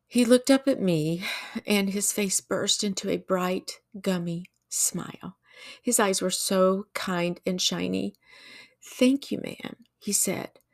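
A woman hosts a devotional podcast, speaking earnestly and emotionally in a creaky, medium-pitched voice. She tells a story slowly in a preacherly manner and puts questions to her listeners.

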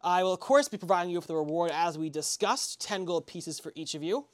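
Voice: mid-range voice, animated, brisk, lightly acted. A game master voicing a kindly old-fashioned shopkeeper man. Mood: courteous. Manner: formal, polite, old-fashioned phrasing. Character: kindly fifty-year-old male shopkeeper.

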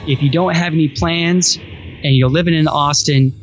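Man, podcast co-host, somewhat high voice, eager and rambling, faint music behind. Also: fairly even intonation, moderate pace. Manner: enthusiastic, rambling with restarts. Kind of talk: casual podcast chat.

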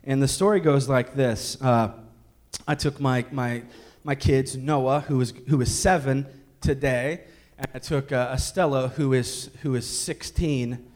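A man's voice: mid-range voice, a little slow, darkish tone. A man in his thirties, a pastor telling a candid family story in a sermon with jokes and restarts. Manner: candid, joking, many restarts.

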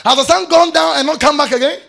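Male preacher, fervent sermon delivery, high, gravelly voice. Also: quick pace. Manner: shouts scripture, then drops to soft prayer.

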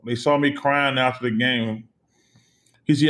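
This interview guest is a middle-aged man from the U.S. who used to play basketball. Speaking at a normal speed in a mid-range voice, he spins emphatic, lively anecdotes, circling back on phrases and dropping casual curse words.

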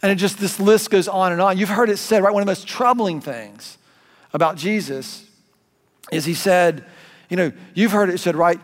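Animated Southern pastor in a reverberant hall. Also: male voice, high-pitched, moderate pace. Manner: conversational, animated preaching with asides and restarts. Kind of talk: sermon.

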